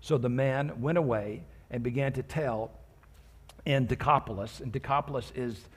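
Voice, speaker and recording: Husky-voiced pastor preaching conversationally. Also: male voice, mid-range voice, normal speed. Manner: conversational, with joking asides to the congregation; reads scripture aloud and explains it verse by verse. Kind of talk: sermon.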